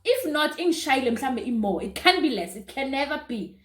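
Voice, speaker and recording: Young South African woman, YouTuber, chatty storytime delivery, high voice, roomy echo. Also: moderate pace. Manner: chatty and animated, with asides to viewers. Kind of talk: casual storytime.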